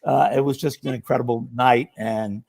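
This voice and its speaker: A man's voice: mid-range voice, normal speed, vocal fry. A middle-aged man telling fire stories as a podcast guest, acting out the quotes. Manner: animated storyteller acting out quotes. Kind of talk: casual storytelling.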